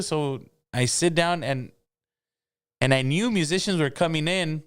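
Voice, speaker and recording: A man, a mariachi singer, telling a lively story as an interview guest and slipping in Spanish words. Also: a little high, unhurried, smooth. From Los Angeles. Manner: lively storyteller who acts out quotes and mixes in Spanish.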